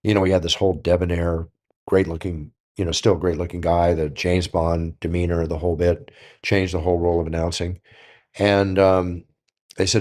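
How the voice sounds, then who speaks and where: An older man telling stories on a podcast in a casual, animated way, acting out the dialogue. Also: sits low, normal speed. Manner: animated, acts out quoted dialogue. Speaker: guest storyteller.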